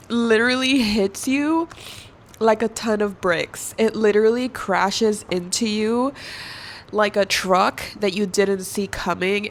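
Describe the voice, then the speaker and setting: A woman's voice: mid-range voice, a little hiss or hum. A woman in her twenties chatting in a casual vlog, emotional and tearful, gushing with many fillers and slipping into Spanish exclamations, recorded at home at night. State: tearful and overwhelmed. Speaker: book vlogger.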